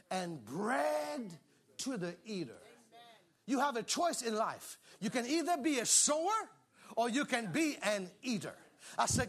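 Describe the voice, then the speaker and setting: High, bright shouting preacher man. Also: husky. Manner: exuberant, shouting, laughing, call-and-response. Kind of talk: sermon.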